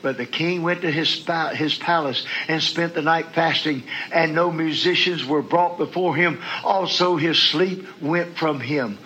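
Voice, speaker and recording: A man preaching a sermon, going from quiet scripture reading to shouted praise and talking folksy and direct to the congregation. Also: fairly high pitch, a little slow, few pauses, rough recording. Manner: folksy, talks straight to the congregation.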